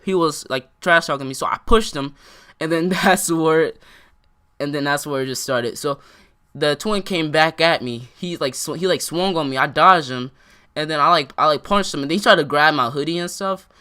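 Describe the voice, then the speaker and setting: A young man tells a story to his viewers, rambling and circling back with constant filler words. His voice is bright and forward, and the talk is loose and unscripted. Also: a little high, moderate pace, clean tone. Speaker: vlogger. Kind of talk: casual storytime.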